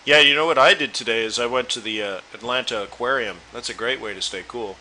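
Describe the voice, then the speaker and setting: Bright-voiced man hosting a trading room. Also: mid-range voice, fast, a little hiss or hum, poor audio. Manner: loose, chatty, talks to viewers directly. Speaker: forex trading room host. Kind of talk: live trading webinar chat.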